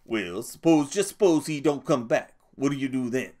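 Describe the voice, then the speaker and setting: A lonely, brooding older stable hand, as a man puts him on. He drawls rural speech with stammered starts. His tone is bitter and slow to warm. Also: medium pitch, expressive, pitched above the performer's own voice, lightly acted. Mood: taunting.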